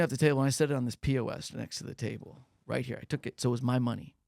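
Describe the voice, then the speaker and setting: A man's voice: very fast, creaky, hardly any pauses, no echo, studio quality. A man co-hosting a podcast, telling stories in casual chat and acting out the people in them with big jumps in his voice. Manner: animated, acts out quotes with big pitch jumps. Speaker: podcast co-host, comedian. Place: podcast studio.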